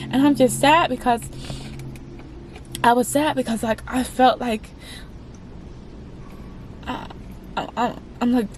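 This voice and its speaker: A woman in her twenties tells her personal story straight to camera in a casual, chatty way. Her voice sits a bit high. She stumbles and restarts often, and a faint hum of noise runs behind her. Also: darkish tone. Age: 20s. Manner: chatty, talks straight to viewers as "y'all", halting restarts. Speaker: vlogger.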